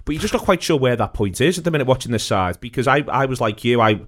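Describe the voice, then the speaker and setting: A man hosting a football podcast in casual chat, jovial and quick to laugh. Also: medium pitch, expressive, fairly bright tone. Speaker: podcast host.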